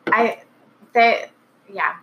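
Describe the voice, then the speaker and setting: A woman's voice: fairly high pitch, drawn-out words, highs cut off. Chatty woman guest, earnest storyteller, a little hiss behind her. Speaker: podcast guest. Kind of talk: casual podcast chat.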